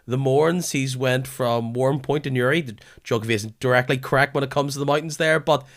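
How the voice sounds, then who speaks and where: A man hosting a football podcast, his voice weary from a lingering illness, keen but halting at times. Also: mid-range voice. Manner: enthusiastic, with halting restarts. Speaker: podcast host. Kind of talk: casual football podcast chat.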